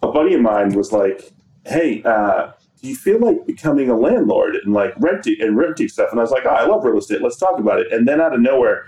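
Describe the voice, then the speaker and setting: A man from the United States, a podcast guest, talking in a relaxed, wry, chatty way about his work. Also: medium pitch, a little fast, roomy sound, rough recording. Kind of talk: casual chat.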